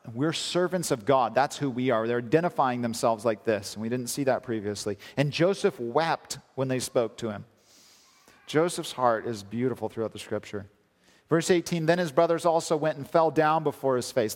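A male pastor preaching a sermon, reading scripture aloud and asking emphatic rhetorical questions. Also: medium pitch. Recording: long hall reverb.

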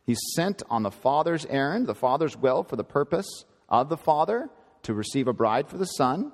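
A man's voice: mid-range voice, sing-song, normal speed, in a large hall. A man preaching a sermon in an earnest, emphatic teaching manner, often repeating and correcting himself.

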